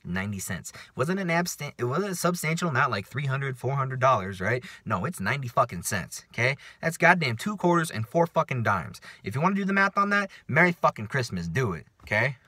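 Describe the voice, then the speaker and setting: A man's voice: mid-range voice, big pitch swings, brisk, few pauses, bright, forceful tone, no room sound. A man telling a story in a casual vlog rant, profane and sarcastic. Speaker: vlogger.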